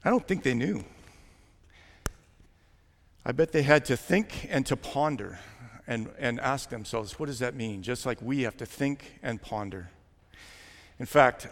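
A man preaching a sermon as pastor, talking in a conversational way with gentle jokes. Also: mid-range voice. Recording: long hall reverb.

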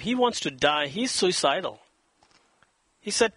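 A man preaching a sermon in a high, bright voice, and he throws himself into the quoted lines with dramatic emphasis. The sound is dry and close, with no room echo. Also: sing-song, measured pace, pauses often. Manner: dramatic, acts out quoted voices with rising pitch. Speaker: pastor.

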